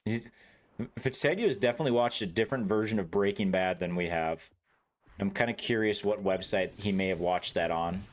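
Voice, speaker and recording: A man's voice: on the low side, a little fast. A man streaming a game, chatting casually with his viewers in a joking, laid-back way, swearing freely and laughing often.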